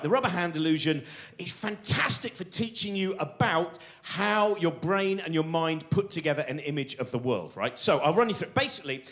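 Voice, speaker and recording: Animated rambling male stand-up comic. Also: sits high. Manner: rambling, excitable, self-interrupting. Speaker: stand-up comedian. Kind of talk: live stand-up storytelling. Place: theatre stage before a live audience.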